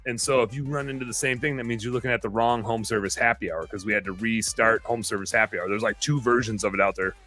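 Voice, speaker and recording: Guy hosting a podcast, bright forceful voice, rambly and jokey, music faint behind. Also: lowish voice, steady tone, fast, hardly any pauses. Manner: rambling, self-mocking, reads aloud in a jokey tone. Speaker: podcast host. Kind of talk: casual podcast banter.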